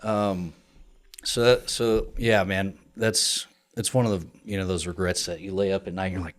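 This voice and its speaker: Low-voiced male guest, blunt and profane, confessional podcast storyteller. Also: fairly even intonation, moderate pace. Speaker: guest, veteran and co-founder. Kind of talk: candid podcast conversation.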